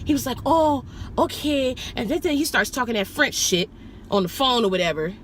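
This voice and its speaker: A woman vlogging as a rideshare driver, telling a story in a profane, animated, indignant way from inside a car. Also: a little high, fast, slight background noise. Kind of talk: storytelling vlog.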